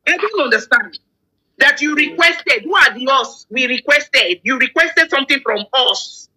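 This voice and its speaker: A woman's voice: high voice, lively intonation, normal speed, sharp tone, rough recording. A Nigerian woman in a heated opinion chat, firing indignant rhetorical questions.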